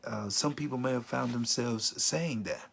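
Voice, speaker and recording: A man's voice: mid-range voice, normal speed, gravelly, a bit bright, a little hiss or hum. A man teaching about grief in an informal, earnest way, sometimes acting out the words of people in mourning. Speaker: grief counselor.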